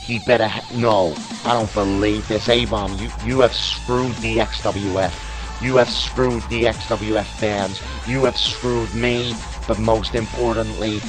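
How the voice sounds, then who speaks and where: A young man calls a wrestling match in an excitable, indignant play-by-play, his voice rising into disbelieving shouts. His speaking voice sits fairly low. Faint music plays behind him. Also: low-quality recording. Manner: informal, talks fast at big moments. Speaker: wrestling commentator.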